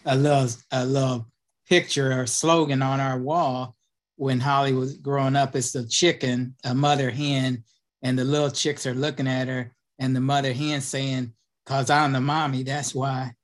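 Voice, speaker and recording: A man's voice: mid-range voice, level tone, moderate pace. A man, a pastor, talking in a plain, folksy way in a group discussion. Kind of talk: casual discussion.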